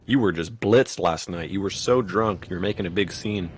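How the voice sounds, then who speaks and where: Male co-host, low register, relaxed teasing storyteller. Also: normal speed, noisy background. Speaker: gaming stream co-host. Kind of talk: casual chat.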